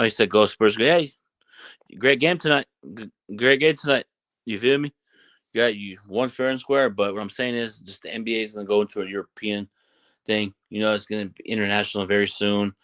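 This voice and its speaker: A young man ranting about basketball in a casual way, animated and fired up, acting out the players and referees as he goes. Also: fairly low pitch. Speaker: basketball commentator. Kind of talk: casual sports rant.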